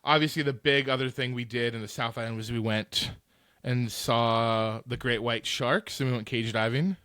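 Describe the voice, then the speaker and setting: A man's voice: medium pitch, moderate pace, clean tone, dry recording. A man co-hosting a podcast in casual chat, telling rambling stories with lots of "like" fillers. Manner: animated rambling storyteller, many filler likes. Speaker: podcast co-host.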